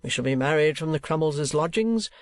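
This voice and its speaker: A man puts on a smug, tight-fisted old rate collector for a storybook reading, drawing out each word slowly in a fussy, self-satisfied way. The voice sits a touch higher than usual and comes across close and dry, with no room around it. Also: expressive, no room sound. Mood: anxious. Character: pompous, penny-pinching older male rate collector.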